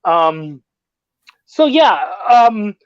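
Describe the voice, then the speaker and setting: A man hosting a podcast interview, chatting casually, swearing often and jumping up in pitch when he is incredulous. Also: big pitch swings, drawn-out words, clear, resonant tone, dry recording, dull audio. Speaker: podcast host.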